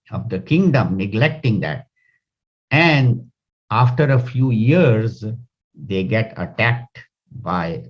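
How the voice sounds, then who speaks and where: A man giving a talk on scripture, retelling a parable in loose, halting sentences. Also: fairly low pitch. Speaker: spiritual teacher. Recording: dull lo-fi recording.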